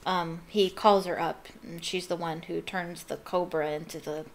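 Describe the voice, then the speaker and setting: A woman's voice: lowish voice, steady tone, a little slow, vocal fry, a little hiss or hum. A woman hosting a casual read-aloud, chatting in rambling, giggly asides. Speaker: reader and host.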